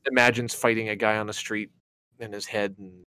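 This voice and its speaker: A man's voice: lowish voice, brisk. A man co-hosting a casual podcast, talking loosely, swearing freely and acting out lines from movies. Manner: animated, swears freely, acts out quotes. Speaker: podcast co-host. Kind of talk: casual chat.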